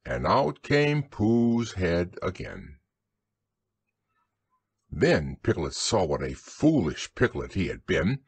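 A man reads a bedtime children's story aloud at an unhurried pace, soothing and expressive. His voice is husky and breathy, and his pitch rises and falls widely. The recording is close and dry. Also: dry recording. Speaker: narrator. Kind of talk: bedtime audiobook narration.

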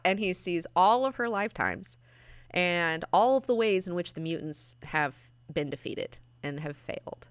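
A young woman hosting a comic review, talking casually with lots of swearing and acting out characters in quick bits. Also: on the low side, clean tone, no echo.

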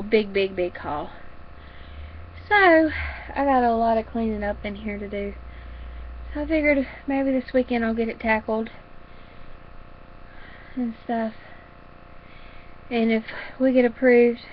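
A woman's voice: fairly high pitch, highs cut off, a little hiss or hum. Chatty woman, rambling crafter. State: a little out of breath. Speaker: crafting vlogger. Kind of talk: casual chat. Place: home craft room.

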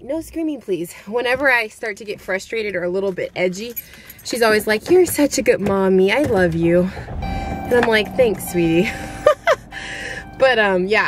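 A young woman vlogging with her kids, chatty and playful, laughing often, filmed on a handheld camera. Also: medium pitch. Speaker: vlogger mom. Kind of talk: casual family vlog. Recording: loud crowd and street noise.

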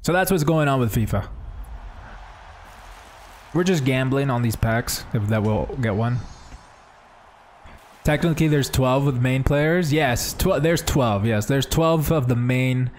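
A man's voice: medium pitch, measured pace, pauses often, slight background noise. A man streaming a video game live, talking casually and enthusiastically to his chat from home. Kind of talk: live gameplay commentary.

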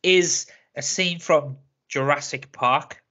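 A man's voice: fairly high pitch, takes it slowly, sharp tone. A man with a Geordie accent, co-hosting a horror podcast in casual, jokey chat, swearing freely. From North East England. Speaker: podcast co-host. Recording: muffled lo-fi podcast audio.

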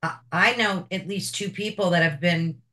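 A woman's voice: fairly low pitch, moderate pace, bright, forceful tone. A woman hosting an interview show, asking her guest questions in a chatty, personal way. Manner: chatty, personal, with filler repeats. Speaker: podcast host.

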